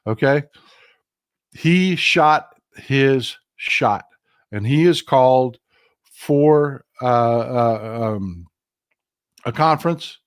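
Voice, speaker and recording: A middle-aged man with a Texan accent, hosting a casual political livestream in an animated, folksy way, swearing freely into a desk microphone. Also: medium pitch, very slow, long pauses. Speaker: livestream host.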